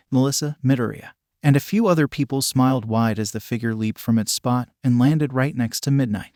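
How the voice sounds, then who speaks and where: A man narrating a story in a steady, even reading voice. His pitch sits in an ordinary middle range. The recording is dry and close, with no room sound. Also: no echo.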